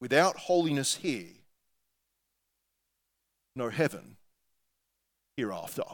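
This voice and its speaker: A man's voice: mid-range voice, sing-song, slow. A man with an Australian accent preaching a sermon, talking earnestly and conversationally and reading quotations aloud. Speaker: pastor.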